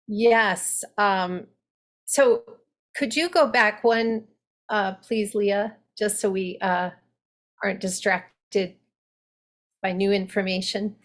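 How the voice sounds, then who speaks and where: A woman dialect coach teaching an online workshop over a video call, speaking with animated enthusiasm. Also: medium pitch, takes it slowly, long pauses. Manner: animated, enthusiastic, laughs easily.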